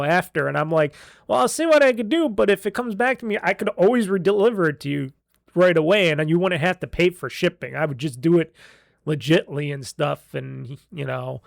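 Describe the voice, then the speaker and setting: Podcast host, male, high voice, dry close mic, rambling and animated storyteller. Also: gravelly, dry recording. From Buffalo, New York. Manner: rambling storytelling, quotes others in raised voices. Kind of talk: casual monologue.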